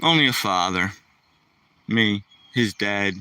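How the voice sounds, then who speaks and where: Guy vlogging his dog walk outside, slow rambly talk, bright voice, kinda far from the phone. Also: lowish voice, expressive, smooth, dry recording. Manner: rambling, joking, talks to dog and camera. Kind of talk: casual vlog chat. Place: outdoors.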